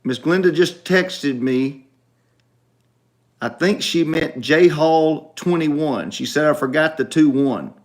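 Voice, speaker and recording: A man's voice: on the high side, slow. A man hosting a casual livestream show from home, repeating himself and speaking straight to his viewers. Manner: repetitive, emphatic, talks straight to viewers. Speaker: show host.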